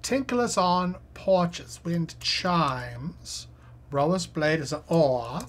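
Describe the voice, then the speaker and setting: Husky, low woman streamer; unhurried, reads clues out and mutters answers to herself. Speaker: live streamer. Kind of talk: thinking aloud while solving a crossword.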